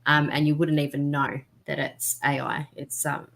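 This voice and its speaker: Woman, guest podcaster; deep for a woman, talkative, animated. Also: normal speed, vocal fry. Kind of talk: casual chat.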